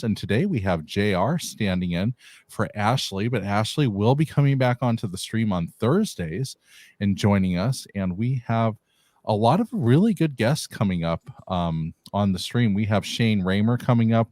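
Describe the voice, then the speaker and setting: Male host, low dry voice, upbeat and rambling, chatty live-stream banter. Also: lively intonation, normal speed, a little mellow, dry recording. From California. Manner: upbeat, laughs often, rambling. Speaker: podcast host. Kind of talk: casual live-stream chat.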